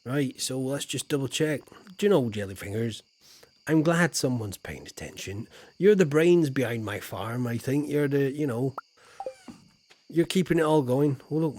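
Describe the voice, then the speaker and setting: Middle-aged English man, casual game streamer, mid-pitched, rambling and playful with mumbled asides. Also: expressive, normal speed, darkish tone. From England. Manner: chatty and playful, muttering asides, trailing off. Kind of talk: casual live-stream gameplay chat.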